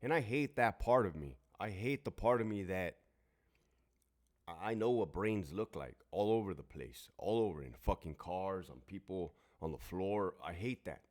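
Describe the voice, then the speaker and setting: A middle-aged man with a somewhat low voice talks in a casual, unscripted monologue. He is blunt and emphatic, with constant profanity, like a former guard telling it straight. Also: lively intonation, moderate pace. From Southern California. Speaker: former prison guard and military veteran.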